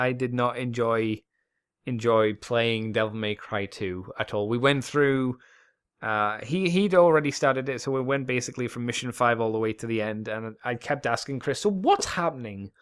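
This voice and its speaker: A man's voice: medium pitch, clean tone. A man hosting a podcast alone, rambling casually with plenty of swearing and self-deprecating asides. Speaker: podcast host.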